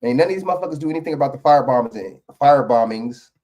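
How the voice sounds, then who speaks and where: A man's voice: medium pitch, expressive, quick pace, warm tone. A man giving heated, profane reaction commentary on a political video clip.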